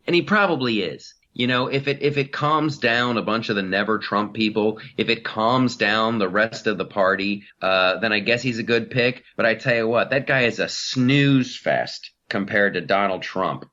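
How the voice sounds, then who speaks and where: A man's voice: fairly low pitch, moderate pace, few pauses, bright, forceful tone, dull audio. A man hosting a comedy podcast, riffing in a casual, mocking way and mimicking politicians.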